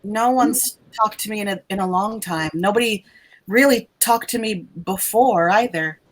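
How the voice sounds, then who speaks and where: A woman's voice: mid-range voice, lightly acted, rough recording. Woman voicing a mournful shy ghost girl. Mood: wistful. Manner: soft, hesitant and halting. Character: lonely shy female student ghost, mournful.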